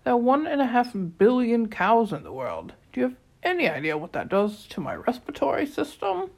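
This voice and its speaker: Woman putting on a hissing squeaky voice, fussy old male air god, storybook reading. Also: huge pitch swings, fairly quick, a little mellow, heavily acted. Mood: indignant.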